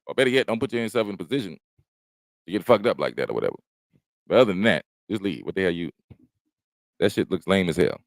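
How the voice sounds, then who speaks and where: Laid-back, profane comedian chatting. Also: male voice, sits low, big pitch swings, quick pace, gravelly, long pauses, dry recording. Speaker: comedian hosting his own stream. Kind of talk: casual livestream chat. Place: at home, smoking while chatting.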